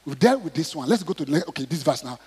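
Husky high-voiced pastor preaching. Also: male voice, animated, rapid-fire. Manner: dramatic preaching, acting out prayers and stories, rising to shouts. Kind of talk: sermon. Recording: long hall reverb.

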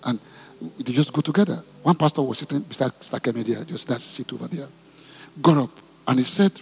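A man's voice: mid-range voice, a little fast, gravelly, breathy edge, big-room sound. A male pastor preaching and leading prayer in church, telling stories with acted-out voices. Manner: animated storytelling, acts out quoted voices. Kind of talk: sermon with congregational prayer.

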